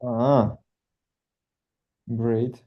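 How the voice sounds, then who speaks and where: A man with a Russian accent co-hosting an online call, speaking hesitantly with many pauses and filler sounds. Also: mid-range voice, little pitch movement. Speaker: event co-host. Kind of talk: casual online call chat. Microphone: video call. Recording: dull lo-fi call audio.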